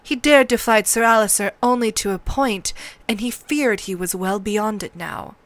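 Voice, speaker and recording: A woman narrating a novel aloud in a measured, steady read-along style, close to the mic. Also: medium pitch, no room sound.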